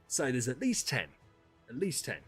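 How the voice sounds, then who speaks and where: Ranting man with a lively voice. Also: mid-range voice, normal speed, husky, faint music behind. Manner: ranting, sweary, swings between mutters and loud outbursts. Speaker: streamer. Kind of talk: casual chat with viewers.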